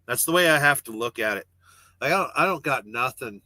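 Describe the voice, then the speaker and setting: A man hosts a casual livestream from the cab of his parked truck and reads out viewer comments. He rambles and jokes, cursing freely. His voice is bright and tense, and it sounds dry and close. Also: mid-range voice, animated, fairly quick, no room sound. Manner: rambling, joking, swears freely. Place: parked truck cab with refrigerated trailer running.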